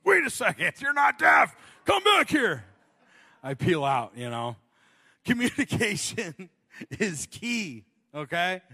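Bright-voiced preacher man in a reverberant hall. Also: fairly high pitch. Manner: animated, self-deprecating, laughs often. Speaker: pastor. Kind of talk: sermon with humorous storytelling.

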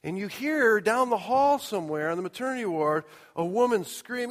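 A middle-aged man preaching a sermon, telling a personal story and acting out scenes with sudden shouts and asides. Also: high-pitched, lively intonation, fast, few pauses. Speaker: pastor. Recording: long hall reverb.

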